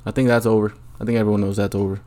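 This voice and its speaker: A man's voice: on the low side, little pitch movement, racing, mellow. A man hosting a solo podcast, rambling through a profane, crude rant with lots of ums and asides. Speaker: podcast host.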